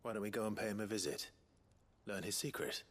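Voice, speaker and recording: An actor playing a stern, weary warrior hero in a game with a husky voice, calm and firm. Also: male voice, on the low side, brisk.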